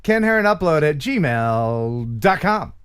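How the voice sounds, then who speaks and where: A man's voice: on the high side, big pitch swings, slow, noisy background. A man from the central United States hosting a casual live-stream chat, joking around and laughing often. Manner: jokey, laughs often, ad-libs silly voices.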